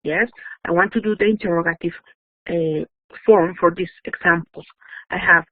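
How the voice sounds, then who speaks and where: A woman teaching English in a recorded online lesson, her plain in every phrase. She explains slowly and patiently, checking in with quick questions. The sound is dry and thin, like a voice over a phone line. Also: mid-range voice, lively intonation, dry recording. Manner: patient, repeats checks like "yes?" and "okay?".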